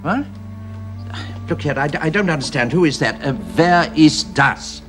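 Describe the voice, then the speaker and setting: A flustered, courteous old gentleman. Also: on the high side, expressive, moderate pace, soft background music. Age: older. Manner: formal and polite, hesitant with many ums. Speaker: grandfather of the household. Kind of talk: 1930s period radio drama.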